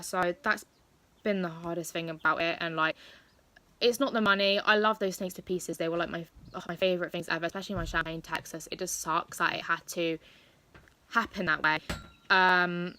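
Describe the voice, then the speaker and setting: A woman's voice: medium pitch, sharp tone, no echo. An eighteen-year-old woman, answering viewer questions in a chatty, rambling pet vlog with many fillers. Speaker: pet YouTuber. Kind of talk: casual Q&A vlog.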